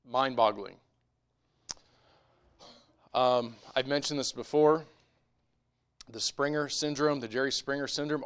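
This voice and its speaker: A man preaching a sermon as pastor, moving between quiet conversational asides and raised, emphatic exhortation. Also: medium pitch.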